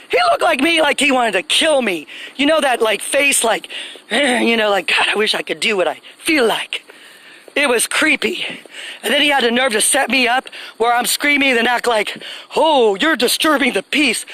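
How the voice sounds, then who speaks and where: A woman's voice: on the high side, pushed and bright, rough recording. A woman, ranting angrily to viewers on a phone livestream outdoors, speaking in an indignant, emphatic way.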